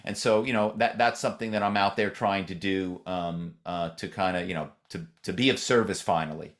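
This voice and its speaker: A man's voice: sits low, a little fast. A middle-aged man as a podcast guest, talking loosely with lots of fillers and restarts. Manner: rambling, many "you know" fillers and restarts. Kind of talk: conversational interview.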